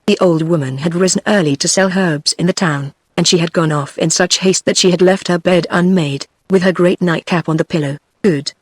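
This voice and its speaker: A computer-generated woman's voice with a British English accent, narrating a fairy tale audiobook in an even, mechanical delivery. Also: fairly low pitch, a little fast, hardly any pauses, no room sound.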